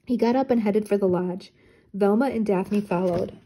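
An older woman reads a children's storybook aloud, clear and even. Her voice is mellow and soft-edged, with a gentle, unhurried delivery. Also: mid-range voice. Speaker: storybook reader. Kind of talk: reading a children's book aloud.

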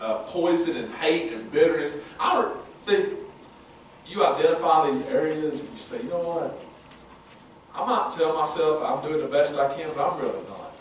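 A man's voice: on the high side, fairly bright tone, a little hiss or hum. A man preaching a sermon as pastor, impassioned with folksy asides, in a church sanctuary. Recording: very echoey room, voice from far off.

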